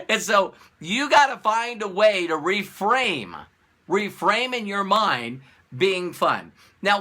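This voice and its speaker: Speaking to camera as a business coach, a man gives a casual, animated motivational talk, repeating phrases and asking rhetorical questions. His voice sits high.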